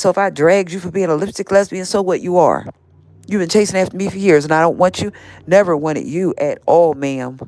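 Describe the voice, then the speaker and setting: A woman's voice: on the low side, brisk, darkish tone, dry recording. An older woman hosting a live stream, scolding and confronting someone directly in a heated rant.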